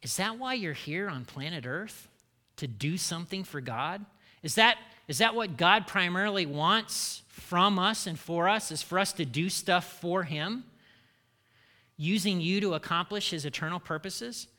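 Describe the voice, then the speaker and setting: A man's voice: high-pitched, animated, measured pace, bright, forceful tone, in a large hall. A male pastor preaching a sermon, engaging the congregation with rhetorical questions.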